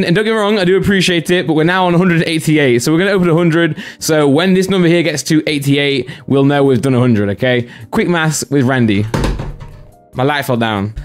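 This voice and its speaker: A young man with a high, bright voice, rattling off excited commentary on opening card packs. He keeps the energy up, yells at big pulls, and has faint music playing behind him. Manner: hyped, shouting with excitement at pulls. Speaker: host. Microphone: desk microphone with green screen.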